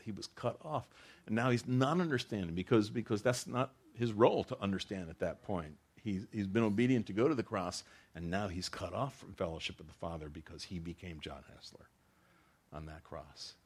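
A man's voice: lowish voice, normal speed, slightly rough. A man preaching a sermon as a pastor, earnest, often restarting his phrases and rising into emphatic bursts.

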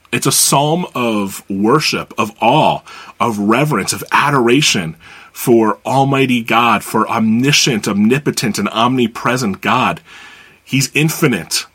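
A man's voice: medium pitch, fairly bright tone, slightly rough. An American man preaching a sermon as a pastor, earnest and conversational as he teaches and reads scripture. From United States.

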